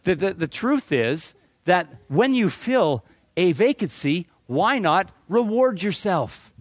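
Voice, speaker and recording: A middle-aged man from Canada speaks to a live audience. He is animated and joking, and his voice sits fairly high. He often stumbles and repeats words as he restarts, and the sound is dry and close. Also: takes it slowly, no room sound. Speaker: motivational speaker.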